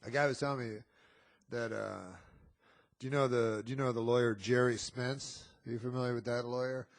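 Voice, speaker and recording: A man's voice: mid-range voice, fairly even intonation, a little fast. A man, a podcast guest, telling long rambling anecdotes in a dry, casual way.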